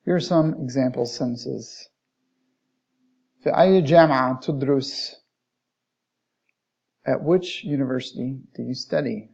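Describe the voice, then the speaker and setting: A man's voice: mid-range voice, normal speed, creaky, long pauses, a little mellow, husky. A man teaching an Arabic lesson, reading from a textbook, explaining it in plain words and modeling Arabic phrases. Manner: reads passages aloud, then restates them plainly, modeling Arabic phrases. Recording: dull lo-fi recording.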